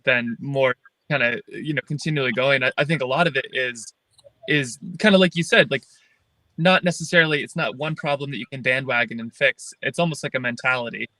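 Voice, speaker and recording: A young man on a video call, an earnest filmmaker thinking aloud in a halting way during a livestream Q&A. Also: medium pitch, bright, forceful tone, no room sound, low-quality recording. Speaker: filmmaker guest.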